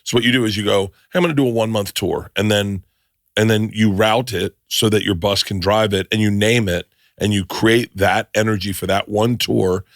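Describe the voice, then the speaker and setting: A man hosting a podcast, chatting casually and joking loudly with some swearing. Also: fairly low pitch, steady tone, moderate pace, no echo, clean studio sound. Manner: loud, jokey, swearing. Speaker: podcast host. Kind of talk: casual chat.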